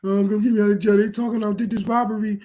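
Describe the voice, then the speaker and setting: A man's voice: high voice, little pitch movement, quick pace, mellow, pitched above the performer's own voice. A man mimicking a whiny young male inmate who is pleading with his mother on the phone.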